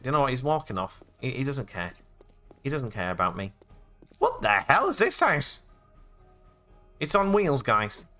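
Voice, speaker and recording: This English gaming channel host hosts a let's play, telling what he did in the game in past tense and cracking playful jokes. His voice is on the high side with a sharp tone.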